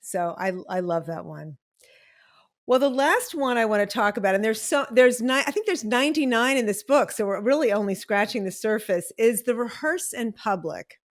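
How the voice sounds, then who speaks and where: A woman's voice: a little high, expressive, normal speed. A woman hosting an interview, enthusiastic and emphatic, laughing easily as she chats. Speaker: podcast host. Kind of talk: casual interview chat.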